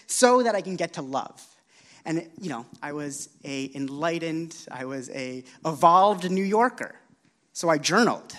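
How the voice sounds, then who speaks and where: Man, preacher, sermon, earnest, animated intonation, storytelling. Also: on the high side.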